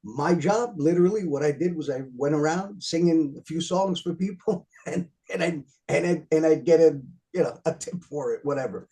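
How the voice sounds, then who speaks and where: A man's voice: a little high, moderate pace, dark tone. A man in his fifties with a New York accent, telling stories as an interview guest, rambling with many fillers and repeated words. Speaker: author guest. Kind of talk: casual storytelling interview.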